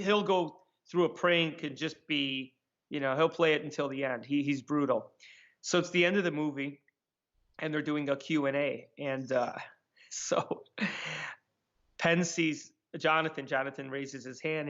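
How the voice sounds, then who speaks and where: A man telling sarcastic, animated anecdotes as a guest in a casual interview. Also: a little high, highs cut off. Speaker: magician guest.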